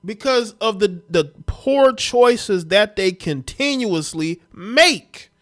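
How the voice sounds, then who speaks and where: Male livestream host, blunt and scornful commentary, slightly high voice. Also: expressive, slow, fairly bright tone. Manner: blunt, scornful, talks straight to viewers.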